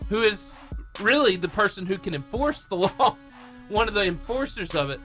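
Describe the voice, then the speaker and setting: A man co-hosting a radio talk show, earnestly explaining and reading a Bible passage in a lively storytelling way. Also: sits high, moderate pace, soft background music. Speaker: co-host leading a Bible discussion. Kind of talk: casual radio talk, reading scripture aloud. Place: radio studio.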